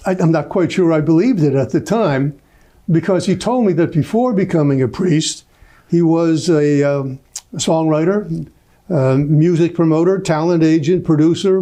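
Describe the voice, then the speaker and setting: Male host, slightly high and mellow, wry and amused, halting intro style. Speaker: talk-show host. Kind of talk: talk-show interview.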